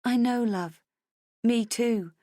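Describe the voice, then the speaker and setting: Recorded close and dry, a woman playing a frantic young wife who believes she is hunted pushes her lines high and urgent, pleading and insisting, breaking into shouts. It is an audiobook reading, intimate and tense. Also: slow, dry recording.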